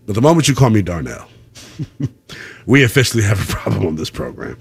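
A young man hosting a call-in sports radio show, ranting in a slangy, animated way. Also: lowish voice, fairly quick, creaky, slightly rough. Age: young adult.

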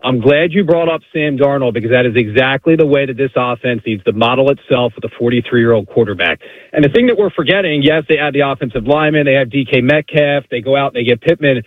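A man's voice: medium pitch, fast talker, no echo. A man from Maryland calling in to a sports radio show, emphatic as he makes his case. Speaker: caller. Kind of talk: phone-in sports talk. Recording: tinny dry phone line.

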